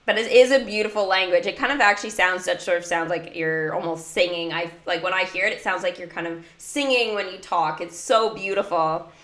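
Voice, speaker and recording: A woman's voice: lowish voice, fairly quick, few pauses, a bit bright. Chatty, giggly woman livestreaming a game. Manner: chatty, giggly, reads chat aloud. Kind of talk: casual livestream chat.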